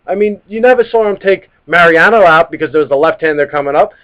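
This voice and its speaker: A man's voice: a little high, quick pace, fairly bright tone. Heated, profane New man ranting. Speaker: sports talk show host. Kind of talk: live web sports talk. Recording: dull lo-fi live stream audio.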